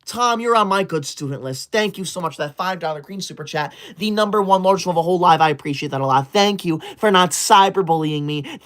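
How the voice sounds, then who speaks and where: A man's voice: high-pitched, a bit bright. A man doing a prim, scolding livestreamer. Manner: prim, stiffly formal and scolding. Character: touchy, rule-obsessed young male livestreamer. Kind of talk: comedic livestream parody.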